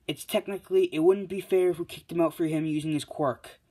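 Man playing a woman hero referee, raised high voice, firm, announcing. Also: fairly even intonation, a little fast, dark tone, breathy edge. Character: bold adult woman hero acting as referee.

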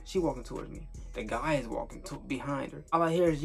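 Gravelly young man rambling through a story. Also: mid-range voice, quick pace, faint music behind. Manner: rambling, with filler tags and swearing. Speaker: storyteller vlogger. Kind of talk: casual storytime monologue.

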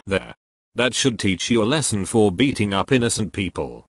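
A synthetic man's voice with a British accent, flatly reading out joke error messages and answering them. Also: on the low side, moderate pace, breathy edge, no echo. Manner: flat, even synthetic delivery that bursts into loud shouting. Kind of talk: comedic text-to-speech reading.

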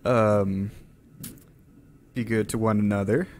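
A man co-hosting a podcast in casual chat, slightly hoarse from being sick, rambling with many hesitations. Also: on the low side, steady tone, slow pace, darkish tone, slight background noise. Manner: rambling, hesitant, lots of ums. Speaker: podcast co-host.

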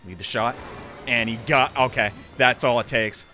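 A young man giving loud, excitable, jokey commentary as a let's play host. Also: medium pitch, moderate pace, faint music behind.

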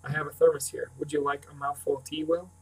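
A man's voice: on the high side, level tone, gravelly, slightly rough, distant mic, rough recording. A man reading the lines of a lean, weathered older sheep farmer who talks plainly and at times sharply, in an audiobook reading. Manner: slow, plain-spoken, occasionally sharp.

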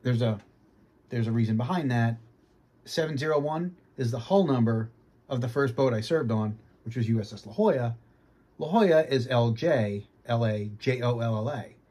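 Husky man with a faint Boston accent. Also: mid-range voice, normal speed, dark tone. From Boston, United States. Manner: easygoing, often clears his throat. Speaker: flight sim hobbyist. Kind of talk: casual review talk. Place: home flight sim cockpit.

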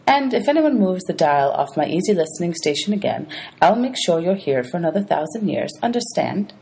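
A woman's voice: fairly low pitch, sing-song, a little fast, creaky, darkish tone, a little hiss or hum. A woman reading aloud, voicing a greedy ancient male ferryman of the dead who grumbles and haggles. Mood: scornful. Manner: grumbling, sly, money-hungry.

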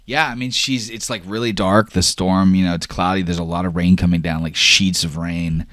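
Very deep-voiced man narrating as game master. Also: fairly even intonation, moderate pace, a bit bright, no room sound, studio quality. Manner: casual, rambling with many fillers.

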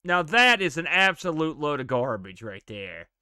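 Animated high-voiced man streaming games. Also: normal speed, clean tone, no echo, clean studio sound. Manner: animated, exclaiming and joking at the game. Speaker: streamer playing retro games. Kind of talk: casual live-stream commentary.

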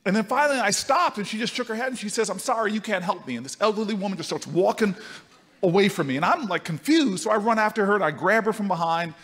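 A man giving a speech to a live conference audience, telling a story with animated swings between loud and soft. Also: high voice, quick pace. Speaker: speaker at a conference. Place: large conference hall. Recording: reverberant hall.

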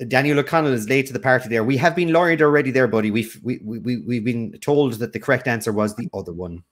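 A man's voice: medium pitch, fast. A man co-hosting an online quiz, teasing players and laughing often in playful banter. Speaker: quiz co-host.

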